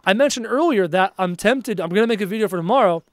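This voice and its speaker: A chatty young man from Canada talks his way through a live gaming stream, reading viewer messages aloud and answering them as he plays. His voice sits fairly high for a man, and the sound is close and dry, with little room in it. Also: animated, fast talker, no room sound. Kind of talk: casual live-stream chat while gaming.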